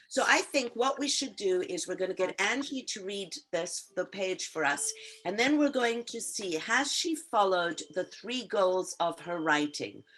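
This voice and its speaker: A woman's voice: mid-range voice, a bit bright. A woman teacher in an online writing class, encouraging her students and explaining step by step with some fillers, heard over a video call.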